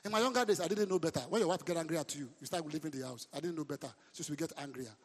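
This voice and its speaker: A man preaching a sermon as a pastor. He speaks with lively emphasis, throws questions at the congregation and breaks into sudden shouts. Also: on the high side, rapid-fire. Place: church hall. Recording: long reverb of a large hall.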